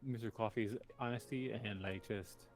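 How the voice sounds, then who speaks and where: A man's voice: lowish voice, fairly even intonation, normal speed, faint music behind. Laid-back rambling man co-streamer. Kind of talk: casual live-stream chat.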